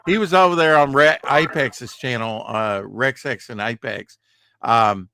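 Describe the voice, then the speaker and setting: A man's voice: medium pitch, a little slow, background noise. A man hosting a casual livestream, rambling and joking while reading chat aloud, short on sleep. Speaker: livestream host.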